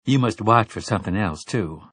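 A man voicing a composed young woman who speaks in a measured, formal way. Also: fairly low pitch, animated, a bit bright, breathy edge, dry recording, clean studio sound.

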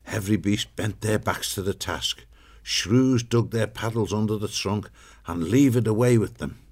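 A man narrating a storybook in a steady, measured way. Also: on the low side.

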